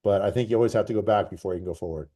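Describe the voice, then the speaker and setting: Low mellow voice, guy coaching throwers, chatty and rambly, says things twice. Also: very fast. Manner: relaxed, rambling, repeats phrases for emphasis. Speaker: track and field coach. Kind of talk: conversational interview answers. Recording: call recording.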